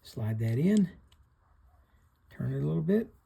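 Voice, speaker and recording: A man's voice: fairly high pitch, sing-song, unhurried, gravelly, dark tone, husky. A middle-aged man hosting a hands-on repair tutorial, plain-spoken, talking through each step while he works. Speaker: fishing reel repairer hosting a channel.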